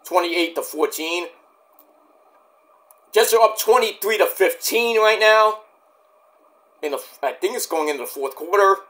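A man's voice: high-pitched, measured pace, long pauses, pushed and bright. A man giving a rambling, profane, casual review of a wrestling event.

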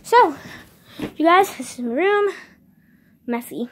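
A young woman with a notably high voice chats straight to camera as she walks through her family home. She is bubbly and dramatic, calling her viewers "guys" and playing up every little mishap. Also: expressive, slow, slight background noise. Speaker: vlogger giving a house tour. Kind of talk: casual chat to camera.

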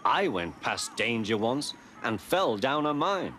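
A man's voice: mid-range voice, sing-song, unhurried, noisy background. A man voicing a sensible, cautious little engine in a storybook, giving warnings matter-of-factly.

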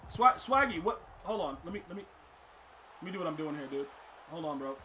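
A man streaming a football video game, commenting live and talking to his chat, often exasperated and breaking into loud outbursts. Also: high-pitched, brisk, slight background noise. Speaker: gaming streamer.

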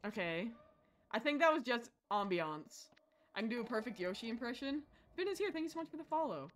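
A woman streaming a horror game live, excitable, shrieking and laughing at the game and chatting with viewers. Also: on the high side, a little fast.

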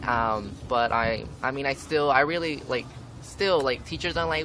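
A man's voice: medium pitch, normal speed, sharp tone. A young man ranting casually to camera for a vlog, swearing often and filling with "like". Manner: frequent swearing, ranting, many fillers. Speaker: vlogger. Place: outdoors, windy. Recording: wind and traffic noise outdoors.

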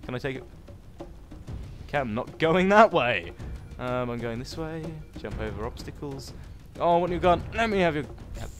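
A man giving silly, excitable commentary while playing a video game. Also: mid-range voice, moderate pace, faint music behind. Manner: silly, excitable, yelps and exclaims. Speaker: gaming video host. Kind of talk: let's play commentary.

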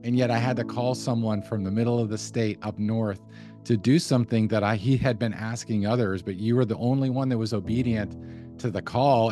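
A man's voice: lowish voice, a little mellow. A man hosting a casual interview, enthusiastic and thinking aloud with many restarts. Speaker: host.

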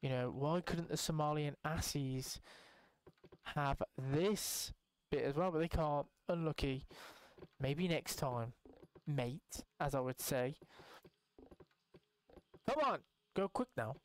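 A young man giving casual, excitable gameplay commentary, swearing now and then and jumping into high exclamations. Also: slow pace, pauses often, smooth, dry recording. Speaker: gaming youtuber.

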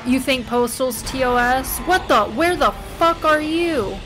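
A woman narrates her own horror-game run in a casual, unhurried way. Her voice sits a little high, and she swears in jumpy outbursts between dry, joking asides. Soft game music runs quietly behind her. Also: expressive. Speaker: gamer playing a horror game. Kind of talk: casual let's-play commentary.

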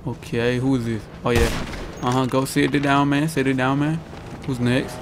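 Young man, gravelly, trash-talking gameplay commentary, gunfire noise behind. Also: medium pitch, level tone, normal speed. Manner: trash-talking, repetitive taunts to opponents. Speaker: gaming YouTuber. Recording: noisy with gunfire in the background. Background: game gunfire and explosions.

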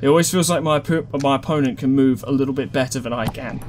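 A man's voice: mid-range voice, fast, background noise. A man giving let's-play commentary, frustrated and swearing as he talks to himself. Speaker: gaming YouTuber. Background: game music.

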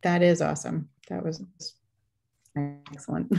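A woman with a lowish voice joining a webinar discussion. She asks questions in an easy, conversational way and adds short affirmations. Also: steady tone, slow pace, vocal fry, mellow. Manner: inquisitive, conversational. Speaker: webinar participant asking questions.

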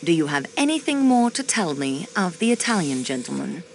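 An actress voicing a sharp young female railway clerk questioning suspects in a mystery game, composed and precise. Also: fairly low pitch, very animated, a little fast, slight background noise. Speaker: game protagonist.

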